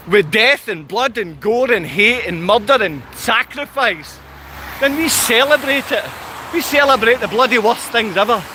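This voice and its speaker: A man's voice: very high-pitched, pushed and bright, slight background noise. A man with a Scottish accent, talking straight to his viewers in an intense, combative rant that keeps repeating its points. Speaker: channel host. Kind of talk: ranting live talk to viewers.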